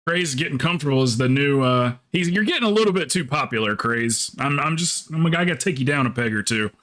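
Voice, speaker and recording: A man's voice: mid-range voice, expressive, quick pace, a bit bright. Male game streamer, mid-range voice, casual chatter full of jokes and swearing. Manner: rambling, joking, swears freely. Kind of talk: casual live-stream chat.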